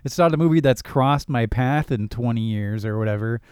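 A man in casual podcast chat, his voice smooth and resonant, the sound close and dry with no room around it. He talks animatedly, laughing and acting out reactions as he goes. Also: mid-range voice, moderate pace, a little mellow, no room sound. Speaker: podcast co-host. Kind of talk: casual movie-discussion chat.

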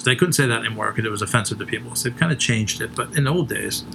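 A man's voice: on the low side, very fast, creaky, over music. A man co-hosting a comedy show, rambling through crude stories with lots of swearing and laughing at his own jokes.

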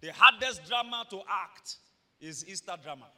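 A Nigerian man preaching a sermon as pastor, animated, shouting at peaks and slipping in humorous stories. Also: high-pitched, normal speed, in a large hall.

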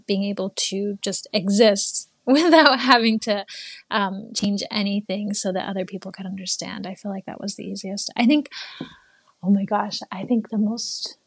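A young woman in her twenties talks through a personal story in a relaxed interview, full of fillers and little laughs. Her pitch sits in the middle for a woman, and the recording is dry and close with no room sound. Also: husky, no echo. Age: 20s. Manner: chatty, lots of fillers, laughs while talking. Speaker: guest, former English teacher.

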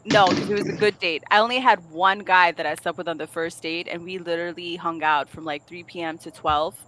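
A woman's voice: on the low side, fairly quick, background noise. A woman co-hosting a podcast, telling frank dating stories in casual chat and acting out the quotes. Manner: candid, animated storytelling with acted-out quotes. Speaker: podcast co-host.

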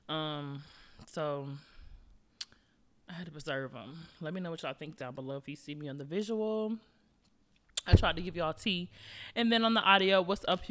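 A woman's voice: on the low side, fairly bright tone. Chatty young woman hosting a podcast. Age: young adult. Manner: chatty, slangy, addresses listeners directly. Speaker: podcast host. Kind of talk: casual solo podcast chat.

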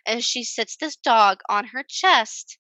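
Bright, dry-voiced chatty woman storyteller. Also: fairly high pitch, takes it slowly, dry recording. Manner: animated, acts out quoted voices, chatty with many fillers. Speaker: esthetician guest. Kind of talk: casual storytelling interview.

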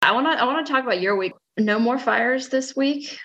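Relaxed woman podcast co-host. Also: high voice, brisk, dull audio. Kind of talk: casual chat. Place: home in Italy.

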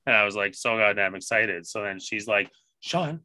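A man on a podcast telling a story casually, swearing constantly and animated in his retelling. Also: on the low side, a little fast, no room sound. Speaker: podcast co-host.

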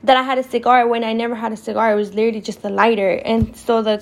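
A woman's voice: fairly high pitch, flat delivery, quick pace. A young woman from California telling a casual storytime about her teens, swearing often and filling her talk with "like". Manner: profane, chatty, lots of "like". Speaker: podcast host.

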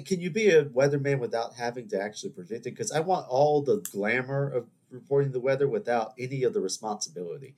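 A young man, hosting a podcast in a casual solo chat. He rambles, jokes at his own expense and talks in an animated way. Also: medium pitch. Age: 20s. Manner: animated, rambling, self-mocking. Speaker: podcast host.

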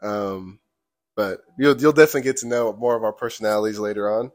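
A laid-back young man co-hosting a casual podcast chat, filling pauses with frequent ums. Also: on the low side. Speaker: podcast co-host.

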